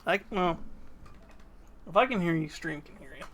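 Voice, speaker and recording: A woman streamer chatting casually while painting miniatures, her voice a little hoarse. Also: on the low side, expressive, normal speed, a bit bright, slight background noise. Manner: chatty, talks while working. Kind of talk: casual live-stream chat.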